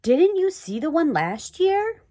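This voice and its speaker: A woman's voice: high-pitched, big pitch swings, measured pace, mellow, voice pushed up. A woman voicing an eager, chatty small boy in a storybook reading.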